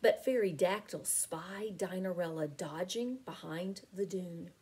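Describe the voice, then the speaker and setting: A woman reading a picture book aloud as a teacher, with expressive, deliberate storytelling. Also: on the low side, husky. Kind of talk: storybook read-aloud narration.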